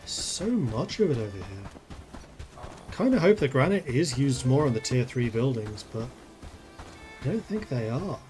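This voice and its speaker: A man of middle pitch talks his way through a game stream, musing aloud as he goes and drifting into playful wordplay. Faint game music runs underneath him. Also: sing-song, a little slow, pauses often, a little mellow. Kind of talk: casual live-stream gameplay commentary.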